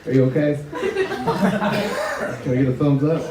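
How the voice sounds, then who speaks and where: A young man doing stand-up comedy, awkward and self-deprecating as he jokes with the crowd. His voice sits at an ordinary pitch and comes from far off the mic in an echoey hall. Loud noise hangs under the recording. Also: flat delivery, normal speed. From United States. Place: college auditorium before a live audience.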